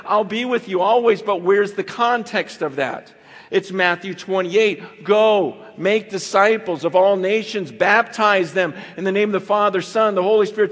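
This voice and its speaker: Male pastor, sermon delivery, fairly high voice, swings from fervent near shouts to quiet asides, long hall reverb. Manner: impassioned, building to near shouts then dropping low.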